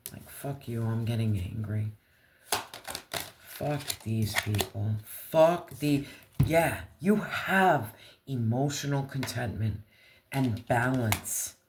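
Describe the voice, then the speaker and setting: Tarot reader, casual reading, slow pace, blunt, slangy, swears a lot. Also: medium pitch. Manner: speaks slowly, talks straight to viewer.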